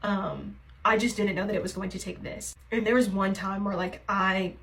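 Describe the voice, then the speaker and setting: A woman's voice: mid-range voice, fairly even intonation, moderate pace, a bit bright, rough recording. Young woman confiding in a rambling vlog. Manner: rambling and hesitant, heavy on fillers; emotionally raw, confiding. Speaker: TikTok creator. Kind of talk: confessional get-ready-with-me vlog.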